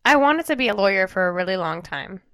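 Bright, teasing woman co-host. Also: mid-range voice, animated, fast, smooth, no room sound. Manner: teasing and sarcastic. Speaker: podcast co-host. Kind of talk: casual chat.

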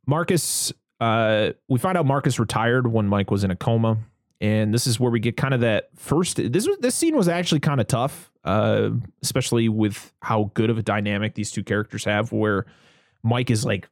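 A mid-range male voice at normal speed belongs to a podcast host chatting casually about a film he's recapping. He laughs a lot and voices the characters' lines, and the recording is dry and studio quality.

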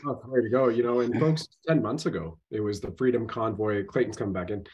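Man host giving a rapid recap. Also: on the low side, a little mellow, dull audio. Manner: rapid-fire recap, addresses audience as folks. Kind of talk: talk show commentary.

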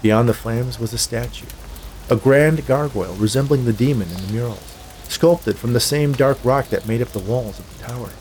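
A man reading a dark tale aloud in a measured, scripted storytelling manner. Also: medium pitch, slight background noise. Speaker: narrator. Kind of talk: scripted audiobook narration.

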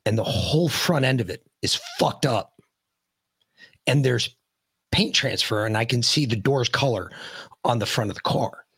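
A man on a podcast as a guest tells a story in casual chat, blunt and profane, rambling and growing animated as he goes. His voice is mid-range with a breathy edge.

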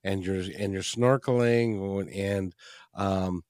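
A man's voice: deep voice, steady tone, takes it slowly, a little mellow, dry recording, studio quality. A man hosting an interview, talking casually with many repeated words and restarts. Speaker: interview host. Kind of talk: casual chat.

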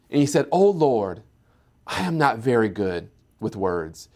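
A man preaching a sermon, voicing Moses and God in lively back-and-forth and building in pitch as he goes. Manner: acts out Moses and God in quick dialogue; rising to a higher, louder pitch as he builds.

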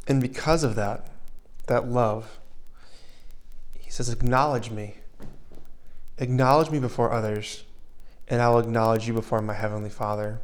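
A man preaching a sermon in an earnest way, dropping to a soft hush when he voices comforting words and rising again for emphasis. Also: mid-range voice, little pitch movement, moderate pace, long pauses. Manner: earnest, shifts between loud emphasis and soft hushed asides.

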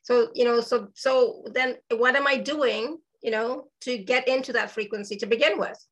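A slightly hoarse woman hosts an easygoing spiritual conversation. Her voice sits a bit high and sounds bright and forward, and her speech is full of "you know"s and good-humored asides. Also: normal speed, low-quality recording. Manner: enthusiastic, self-deprecating, many fillers. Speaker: host. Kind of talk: casual spiritual talk.

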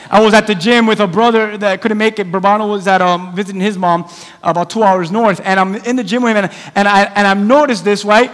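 Male pastor, high-pitched, lively storyteller acting out voices; recorded in a reverberant church hall. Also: fast. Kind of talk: sermon. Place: church sanctuary.

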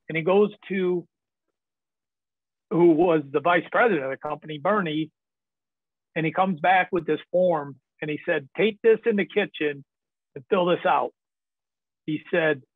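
Heard through a tinny, phone-like connection with no echo, a man from the northern US with a high-leaning voice tells rambling stories on a podcast. The talk is casual, full of chuckling and swearing.

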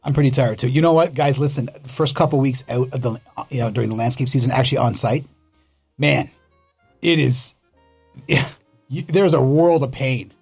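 A man's voice: mid-range voice, normal speed, a little mellow, husky, faint music behind. Upbeat jokey man hosting a radio show. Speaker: radio garden show host. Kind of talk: casual radio chat. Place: radio studio.

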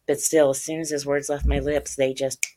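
A woman's voice: low voice, little pitch movement, normal speed, warm tone. A woman author telling a very personal story in a podcast interview, earnest and openly religious, tearing up at times. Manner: earnest, religious, tearful at times, acts out voices in her story. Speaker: author and guest.

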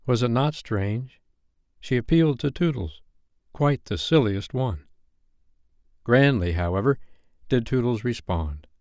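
Man reading an expressive bedtime story. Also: mid-range voice, measured pace, long pauses, no room sound, clean studio sound.

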